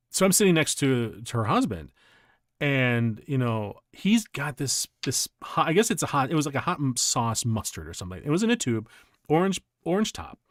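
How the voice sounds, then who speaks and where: A male streamer telling stories in casual chat while playing a game, rambling and animated, laughing often. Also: medium pitch, no echo, studio quality.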